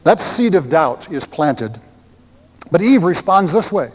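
Emphatic preacher, slow, in a reverberant hall. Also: male voice, a little high, sing-song, breathy edge. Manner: emphatic, rhetorical questioning. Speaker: pastor. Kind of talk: sermon.

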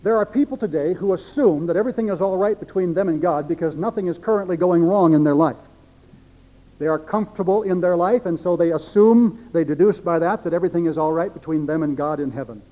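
A man's voice: fairly high pitch, quick pace, dark tone, highs cut off. A male pastor preaching a sermon, emphatic, repeating phrases for stress.

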